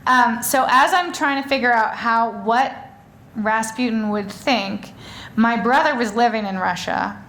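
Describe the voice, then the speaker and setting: A woman's voice: fairly high pitch, unhurried, a bit bright. A woman author talking on stage before an audience, rambling in a chatty way with many fillers and restarts. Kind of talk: live stage conversation.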